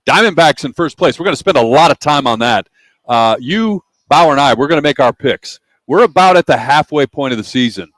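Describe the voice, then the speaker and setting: A man's voice: fairly high pitch, lively intonation, a little fast, fairly bright tone, no room sound. A man hosting a sports radio show, chatting casually and plugging sponsors between picks, live from a sportsbook bar.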